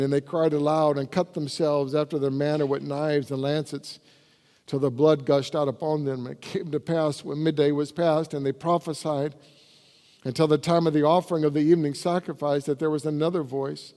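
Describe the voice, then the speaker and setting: A man's voice: a little high, level tone, moderate pace, dark tone. A man, the pastor, preaching a sermon and reading scripture aloud with rising emphasis. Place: church sanctuary. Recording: reverberant church hall.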